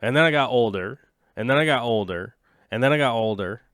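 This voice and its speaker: Guy pushing forty rambling about fish tanks on his stream, jokey, smooth voice, dry sound. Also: mid-range voice, animated, fairly quick, a bit bright, no echo. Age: late 30s. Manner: rambling, jokey, chats with viewers. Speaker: aquarium livestream host. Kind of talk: casual livestream chat.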